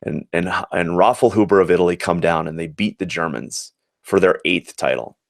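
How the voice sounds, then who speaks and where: A man's voice: sits low, moderate pace, gravelly, no room sound, clean studio sound. An American man in his forties, a former Olympic athlete, telling earnest and reflective stories in an interview, often restarting his sentences. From United States. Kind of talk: anecdotal interview storytelling.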